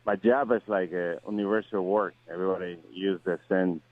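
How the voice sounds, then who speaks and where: Male guest, low voice, phone-line sound. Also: steady tone, no echo. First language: Spanish. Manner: friendly, halting non-native English. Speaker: fighter, guest. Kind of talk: phone interview. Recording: dry, tinny phone line.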